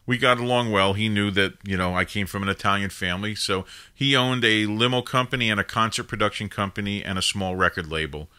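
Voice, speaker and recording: A man's voice: on the low side, brisk, few pauses, bright, forceful tone, clean tone. A man in his fifties hosting a live call-in show, telling a family story in a rambling, casual way full of asides. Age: 50s. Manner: rambling, digressive, with frequent "now" and "you know" asides.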